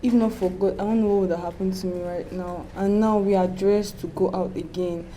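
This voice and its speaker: A woman plays a housemaid, pleading softly. Her voice is dark and mellow. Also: medium pitch, fairly even intonation, a little fast, slight background noise, natural voice, low-quality recording. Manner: soft, pleading.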